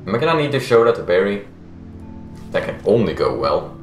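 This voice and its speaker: A man's voice: lowish voice, big pitch swings, fairly quick, pauses often, roomy sound, soft background music. A young man casually commenting on a game he plays, joking and swearing, reading game text aloud. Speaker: gaming video creator. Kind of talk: casual let's play commentary.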